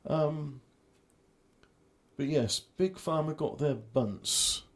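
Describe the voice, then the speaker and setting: A gameplay streamer rambles through self-mocking commentary as he plays a video game, trailing off and restarting often. His voice is on the high side, and he speaks very slowly.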